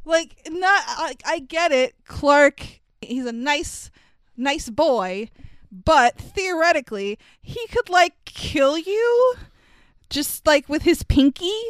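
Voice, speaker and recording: A woman's voice: high voice, animated, takes it slowly, no room sound. A young adult woman co-hosting a casual comedy movie recap. She is sarcastic and incredulous, swears freely and laughs often. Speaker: podcast co-host.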